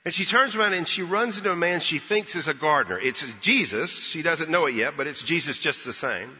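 A man preaching an Easter sermon as pastor, retelling a story earnestly and pausing for emphasis. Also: on the high side, expressive, pushed and bright, slightly rough. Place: church sanctuary. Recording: dull lo-fi with long hall reverb.

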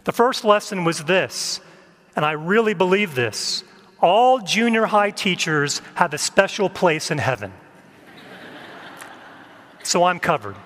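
A man preaching a sermon as a pastor, gentle and measured, reflecting on letting go. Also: high voice, sing-song, long reverb tail. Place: church.

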